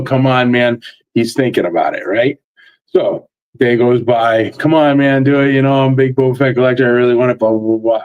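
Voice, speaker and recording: A man's voice: medium pitch, darkish tone, rough recording. A man with a mixed Northeastern US and Tennessee accent, telling stories in a casual livestream chat. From New York and Connecticut, US. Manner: laid-back storyteller, laughs often. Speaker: convention creator, guest.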